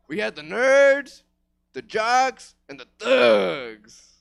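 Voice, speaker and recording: Man, stand-up comic, very high voice, smooth and clear, deadpan, slangy. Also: slow pace. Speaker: stand-up comedian. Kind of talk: stand-up set. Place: comedy theater stage.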